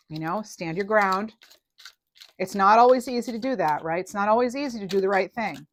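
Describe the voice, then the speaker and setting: A woman giving a casual tarot reading to camera, chatty and animated, full of fillers and restarts. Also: medium pitch, quick pace, no echo, studio quality. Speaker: tarot reader.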